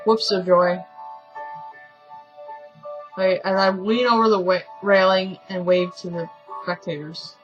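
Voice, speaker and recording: A woman reads a story game aloud at an everyday pitch, casual and unpolished. She trips over words and goes back to fix them, dropping in chatty asides. Soft music plays faintly behind her. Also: muffled recording. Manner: stumbling, self-correcting reading with asides. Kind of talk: casual let's-play reading.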